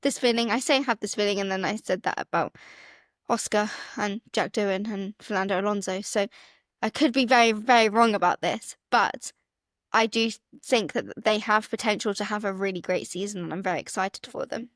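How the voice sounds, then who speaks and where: A woman co-hosting a motorsport podcast in casual chat, talking fast and acting out her own reactions. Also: mid-range voice, no echo, studio quality. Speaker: podcast co-host.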